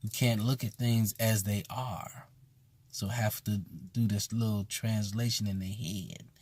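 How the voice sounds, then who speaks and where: A man's voice: on the low side, steady tone, unhurried, a little mellow, slightly rough, no room sound. A man who teaches at a voodoo temple, talking bluntly and casually with emphatic repetition. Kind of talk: casual spoken commentary.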